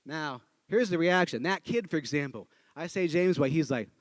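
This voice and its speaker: A man's voice: on the high side, moderate pace, no echo. A man from the northeastern United States telling a personal story live, acting out the people in it. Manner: animated, acts out every character in the story. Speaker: storyteller speaking to an audience.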